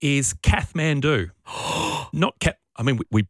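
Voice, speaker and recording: A man co-hosting a radio show, animated and self-mocking in casual banter. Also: mid-range voice, measured pace, slightly rough, no room sound, studio quality. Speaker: radio co-host. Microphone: studio mic.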